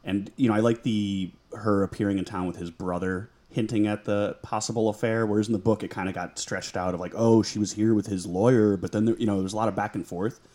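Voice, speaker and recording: A man's voice: lowish voice, steady tone, brisk, few pauses, mellow. A man co-hosting a casual podcast about a film, rambling with laughing asides. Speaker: podcast co-host.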